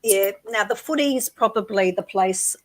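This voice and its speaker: A woman with an Australian accent co-hosting a casual live chat, chatty and encouraging. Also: medium pitch. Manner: chatty, encouraging, quick to laugh. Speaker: co-host.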